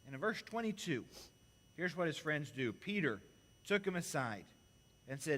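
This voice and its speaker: A man's voice: fairly high pitch, big pitch swings, moderate pace, long pauses, fairly bright tone. Man preaching an earnest sermon. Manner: earnest, with rhetorical questions to the congregation.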